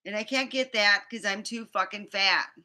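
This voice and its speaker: Frustrated woman ranting on her vlog, bright voice, swears a lot. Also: medium pitch, moderate pace. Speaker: vlogger. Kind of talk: venting to camera.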